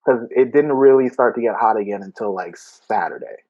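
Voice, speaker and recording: A man co-hosting a podcast, telling a story in casual chat, animated and laughing as he acts out what people said. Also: fairly low pitch, brisk, narrow, tinny audio. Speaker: podcast co-host.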